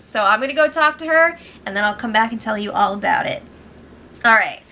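A young woman recapping the week's drama in a casual, gossipy way. Her voice sits a little high and rings bright and sharp. She talks fast, acts out what others said, and laughs along as she goes. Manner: quick, gossipy, laughing asides, quotes houseguests in a put-on voice. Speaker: host recapping a reality show.

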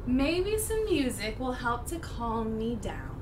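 A woman presenting a children's church lesson, talking in a lively, exaggerated storytelling way and acting out her frustration. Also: on the high side, slow pace, distant mic, background noise.

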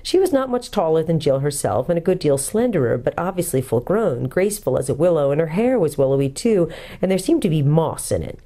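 A woman pastor calmly reading a children's book aloud. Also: low-pitched, a little fast.

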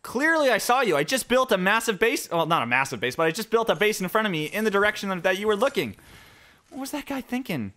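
A young man hosting a gaming channel, excitedly narrating his own gameplay and reacting out loud to every shot. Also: high-pitched, fast talker, slight background noise. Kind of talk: live gameplay commentary.

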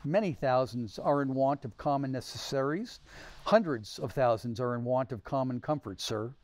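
A man reading aloud, voicing a polite, formal portly gentleman asking for charity. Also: mid-range voice, normal speed, close to an everyday voice. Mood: courteous. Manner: courteous, formal.

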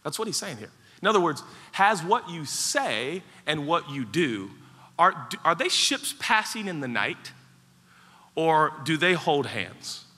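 A man preaching a sermon as pastor, animated and playful, acting out mock voices as he goes. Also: on the high side, a little slow, breathy edge. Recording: large hall with long reverb.

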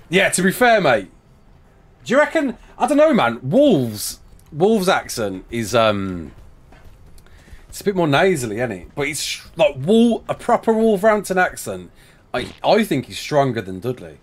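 A man's voice: on the high side, sing-song, measured pace. A young man, from England, streaming a game live, chatting, joking and laughing while reading chat aloud.

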